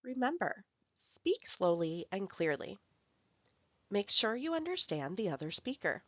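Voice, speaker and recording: A woman narrating a recorded language workshop, speaking clearly and carefully as she reads out example phrases. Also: mid-range voice, big pitch swings, measured pace, fairly bright tone, no room sound, dull audio. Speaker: language support instructor.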